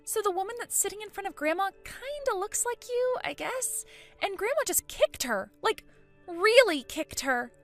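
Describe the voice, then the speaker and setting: A woman's voice: very high voice, lively intonation, normal speed, a bit bright, no echo, faint music behind, exaggerated voice. A woman playing an eager, gossipy teen girl. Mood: excited. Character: teenage granddaughter, excited and chatty.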